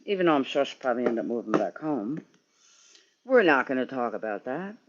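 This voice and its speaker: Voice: mid-range voice, very animated, a little fast, lo-fi sound, a little hiss or hum. A sleepy, yawning streamer rambling and swearing in casual chat with viewers while working in a garage. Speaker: livestreamer.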